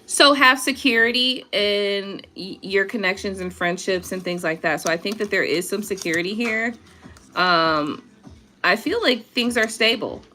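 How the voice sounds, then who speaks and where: Reading viewer comments aloud during a casual live tarot session, a young woman chats away, laughs a lot and curses. She talks at normal speed in a mid-range, sharp-toned voice.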